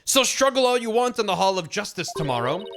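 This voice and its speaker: Man putting on a haughty princess priestess, icy scolding voice, raised pitch. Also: big pitch swings, fast, a bit bright, a little hiss or hum, full character voice. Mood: scornful. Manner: imperious, cold, scolding.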